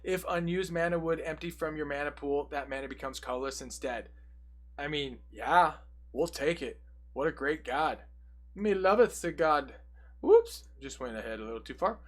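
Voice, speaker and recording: A fairly high-voiced young man talks through a card deck one card at a time. He reads the card text in a steady run, then breaks off into quick, joking asides in a casual, chatty tone. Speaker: deck tech presenter.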